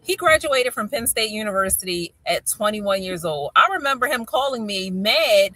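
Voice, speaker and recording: A middle-aged woman with a Baltimore accent, hosting a casual chat and telling stories with lively acted-out quotes. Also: mid-range voice, normal speed, no echo. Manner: animated storyteller, acts out quotes. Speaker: podcast host.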